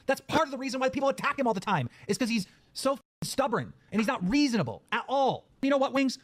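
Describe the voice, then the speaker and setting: Podcast host, male, quick and high-voiced, lively swings, exasperated rant, dry sound. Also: no echo. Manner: ranting, exasperated. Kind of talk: heated livestream rant.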